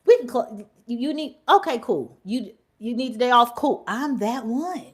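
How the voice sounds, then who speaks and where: Animated, blunt woman vlogger. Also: on the high side, normal speed. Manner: animated, blunt storytelling with slang and swearing; drops to whispers at times. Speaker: livestream host. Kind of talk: casual livestream chat.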